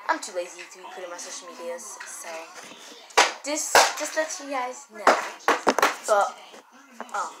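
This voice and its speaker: A woman vlogging casually from a room at home into a phone, rambling with lots of fillers and restarts and sometimes dropping to a whisper. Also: medium pitch. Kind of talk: casual vlog chat. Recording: loud background noise on a phone recording.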